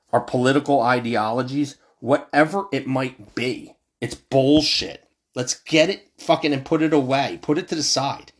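Profane fired-up male ranter. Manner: profane, fired-up and passionate, voice jumping high then dropping low. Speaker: commentator. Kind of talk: heated political rant.

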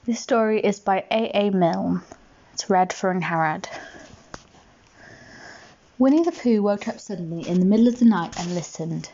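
A woman reads a bedtime story aloud to a child in a gentle, chatty way, her voice at a middling pitch. The recording is slightly muffled and lo-fi. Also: moderate pace, pauses often.

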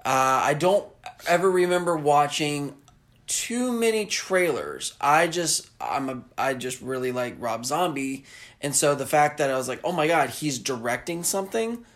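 A man from the American South in casual chat, rambling excitedly and acting out movie lines. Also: on the high side, unhurried.

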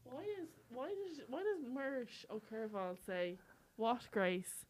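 A woman's voice: high-pitched, very animated, a little slow, a little mellow. A young woman, co-hosting a podcast in loose, rambling casual chat. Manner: loose, rambling, filler-heavy talk. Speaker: podcast co-host.

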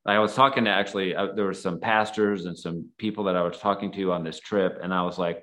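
Earnest man with a lowish voice, telling stories casually and rambling with fillers. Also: steady tone, fast, few pauses, a bit bright. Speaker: guest, photographer and nonprofit founder. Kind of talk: casual storytelling.

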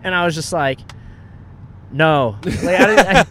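A comedian on a road-trip podcast, animated and profane, acting out other people's lines in a high voice. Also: male voice, fast. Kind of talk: casual road-trip storytelling.

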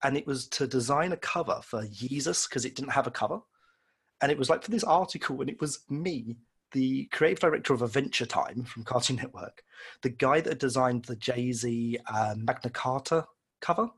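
A man speaks at a moderate pace in a husky, medium-pitched voice with a fairly bright tone. The illustrator, a guest on an interview, shares casual, rambling stories at his own expense, imitating the voices of people he quotes.

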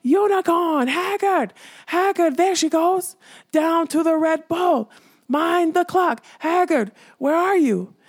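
Brief: storybook skull, treacherous, shrieking high and loud, read by a woman. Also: slow pace. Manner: shrieking, frantic alarm calls.

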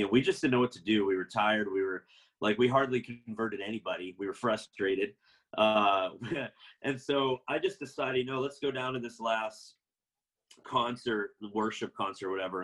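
A man's voice: lowish voice, a bit bright, rough recording. A man telling his personal faith testimony in a casual, rambling way, full of fillers and restarts, laughing now and then at himself.

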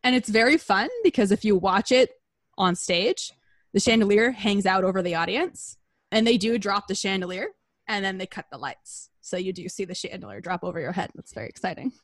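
A woman's voice: medium pitch, a little fast, dry recording. Casual, slangy woman retelling a story. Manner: slangy, playful, acts out characters in modern voices. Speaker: storyteller recapping a musical.

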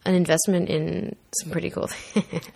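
A woman hosting a casual podcast, her voice sitting a little low with plenty of gravelly fry. She talks in a chatty, bantering way and has the hiccups. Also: flat delivery, normal speed, mellow. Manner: chatty, laughing, tipsy-then-sobered banter. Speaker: podcast host. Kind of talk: casual chat.

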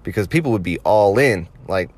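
A man's voice: sits low, animated, a little fast. A young man casually recounting old stories in a laid-back, amused way. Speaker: storyteller. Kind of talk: casual anecdote.

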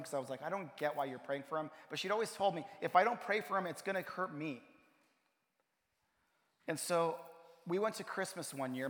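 Male pastor, sermon, storytelling turning emphatic, slightly high voice, echoing hall. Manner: storytelling, rising to emphatic preaching. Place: church. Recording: long hall reverb.

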